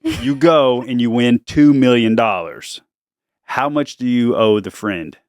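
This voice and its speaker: A man's voice: medium pitch, a little slow, a little mellow, no room sound. A man hosting a casual family podcast, playful and teasing, speaking close to a podcast microphone. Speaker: podcast host and dad.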